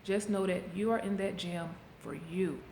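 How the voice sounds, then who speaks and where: A woman's voice: lowish voice, fairly even intonation, moderate pace, darkish tone, slight background noise. A middle-aged woman talking candidly into a handheld camera, coaching viewers in a casual motivational vlog. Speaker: vlogger. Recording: echoey room, faint background ambience.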